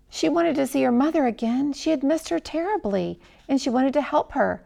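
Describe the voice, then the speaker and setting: Gravelly-voiced woman reading a story. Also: high-pitched, expressive, normal speed, hardly any pauses. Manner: dramatic, hushed at tense moments. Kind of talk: expressive storybook narration.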